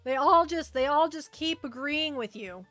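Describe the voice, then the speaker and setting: Bright, high-voiced woman streamer. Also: animated, normal speed, dry recording, faint music behind. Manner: chatty, reads chat aloud, trails off and restarts. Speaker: VTuber streamer. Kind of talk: casual livestream chat.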